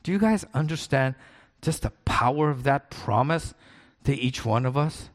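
A man's voice: a little high, expressive, unhurried, fairly bright tone. A middle-aged man, a pastor, preaching a sermon in an earnest, conversational way, repeating his key points for emphasis.

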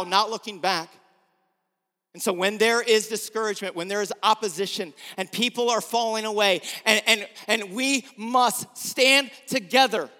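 Midwestern pastor, man, high bright ringing voice, fiery sermon delivery, reverberant church hall. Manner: impassioned preaching, urging the congregation to repeat lines. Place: small storefront church.

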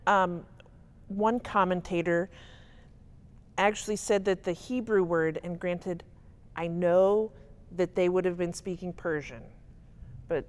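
A woman teaching a Bible study in a conversational, emphatic way, often checking in with her listeners. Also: fairly low pitch. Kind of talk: casual teaching talk.

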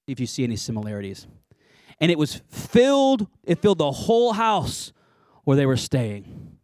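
A man preaching a sermon in an animated, conversational way, with playful asides. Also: fairly high pitch, moderate pace, no room sound, studio quality. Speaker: pastor.

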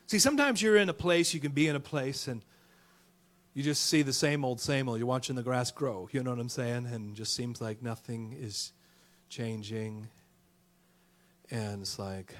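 A man preaching a sermon who tells a story with jokes and swings between loud shouts and hushed whispers. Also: on the high side. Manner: tells jokes and acts out characters in stories.

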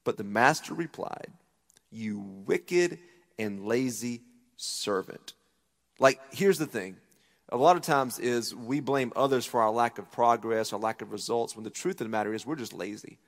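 A man preaching a sermon as pastor, animated, acting out voices as he retells a story. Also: mid-range voice, fairly quick, long reverb tail. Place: church auditorium.

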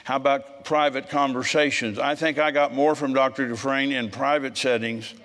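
A man preaching a sermon in a church, telling folksy stories in a frisky, forceful way. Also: medium pitch, fairly even intonation, moderate pace, big-room sound.

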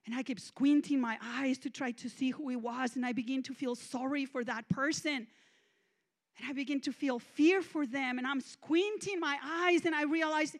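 A woman minister preaching a sermon and telling a personal testimony, moving between hushed and loud. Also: high-pitched, moderate pace. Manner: emotional storytelling, swinging from hushed to loud. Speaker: guest minister.

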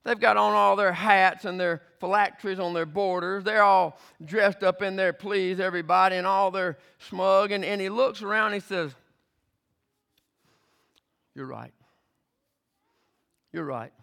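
A man's voice: high voice, flat delivery, normal speed, gravelly, hardly any pauses, fairly bright tone, smooth. A male pastor preaching a sermon, emphatic, repeating words as he builds his points and retelling scripture scenes vividly.

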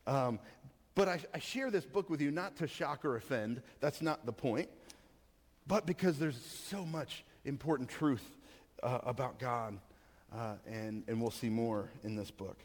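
A man preaching a sermon as pastor, telling a story in an animated, rambling way with many fillers. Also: mid-range voice, measured pace. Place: church hall. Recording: long reverb of a church hall.

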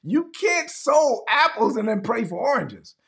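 Animated gravelly-voiced preacher man. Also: extremely high pitch, a little slow. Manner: animated preaching, acts out people in quoted voices. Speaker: pastor. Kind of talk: sermon.

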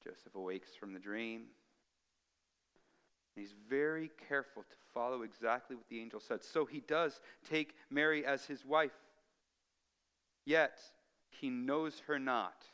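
A man delivers a sermon with a bright, smooth, ringing voice. He drops to near whispers and then builds to emphatic peaks. His words trail off into the long reverb of a large hall. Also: medium pitch, a little slow, pauses often. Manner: dramatic swings from hushed to emphatic. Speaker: pastor.

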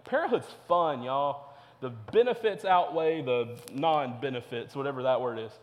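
A man's voice: mid-range voice, lively intonation, moderate pace, big-room sound. A young man preaching a sermon to teenagers as a youth pastor, earnest and repetitive. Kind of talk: sermon to teens.

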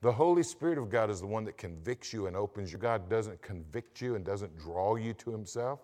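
Animated preaching man. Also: on the low side, brisk. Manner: emphatic preaching, asks the congregation questions. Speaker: pastor. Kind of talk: sermon.

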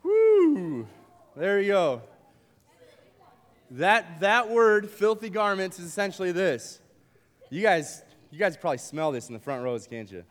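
Animated man preaching in a reverberant hall. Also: high voice, unhurried. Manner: playful, animated, uses props and jokes with the crowd. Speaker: camp speaker. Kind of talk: youth camp sermon. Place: large hall with a live audience.

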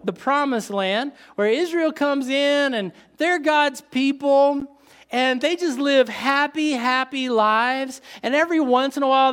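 High-voiced animated male preacher. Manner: animated, conversational with asides and laughs. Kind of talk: sermon.

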